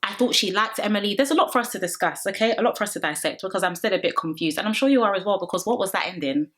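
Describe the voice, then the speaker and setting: A woman's voice: medium pitch, animated, racing, fairly bright tone. Chatty woman reviewing reality TV. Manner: chatty and dramatic, teasing asides with laughs. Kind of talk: casual review chat to viewers.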